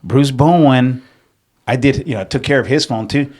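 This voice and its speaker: Middle-aged man telling animated stories. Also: medium pitch, moderate pace. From San Antonio, Texas. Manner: animated storyteller, acts out quotes, swears casually. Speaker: podcast guest. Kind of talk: casual storytelling.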